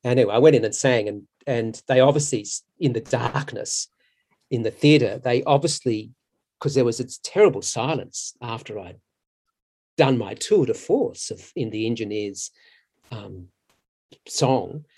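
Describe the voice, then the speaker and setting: A middle-aged man, a stage actor, telling a long anecdote in a casual, halting way with many restarts. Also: mid-range voice, darkish tone, husky. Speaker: musical theatre actor, interview guest.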